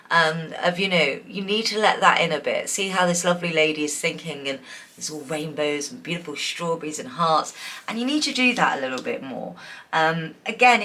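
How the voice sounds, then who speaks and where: Woman tarot reader, pick-a-card style, lowish bright voice, loose and giggly delivery full of fillers. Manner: chatty, giggly, warm and encouraging, many fillers.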